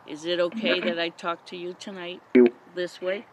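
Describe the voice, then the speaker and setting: A woman's voice: on the low side, little pitch movement, moderate pace, low-quality recording. A woman investigating the paranormal for a vlog, nervously asking spirits short questions outdoors in a forest at night. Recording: outdoor traffic noise. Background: passing traffic.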